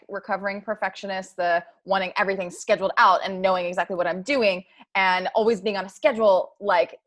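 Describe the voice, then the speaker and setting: A woman's voice: mid-range voice, a bit bright. Chatty woman co-hosting with her partner. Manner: chatty, laughs easily, lots of "like". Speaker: podcast co-host. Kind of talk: casual chat with partner.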